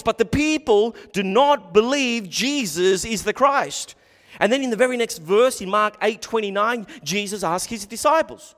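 A man's voice: high-pitched, lively intonation, moderate pace, fairly bright tone. A man preaching an expository sermon with an emphatic delivery that rises and falls and repeats words as he works through scripture. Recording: long reverb of a hall.

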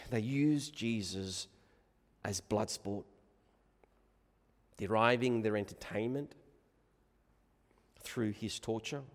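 A man preaching a sermon, moving between hushed reflection and loud, emphatic proclamation. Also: medium pitch. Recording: long reverb of a large hall.

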